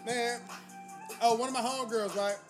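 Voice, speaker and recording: A man's voice: very high-pitched, steady tone, normal speed, over music. A man hosting a podcast, telling loose, profane stories in casual chat. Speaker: podcast host.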